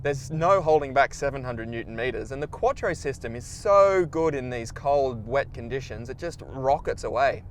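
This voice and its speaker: A man's voice: mid-range voice, animated, normal speed, few pauses, a little hiss or hum. A young Australian man commentating on car tests in a casual, upbeat way, speaking from inside a car on a track. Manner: upbeat and chatty, directs the runs. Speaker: car reviewer and host.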